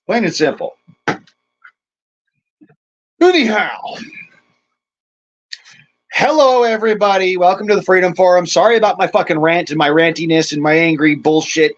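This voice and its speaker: This middle-aged livestream host, whose voice sits high, talks at normal speed with long pauses. He is shaken and angry, ranting profanely and greeting his chat, and the stream audio is dull and lo-fi.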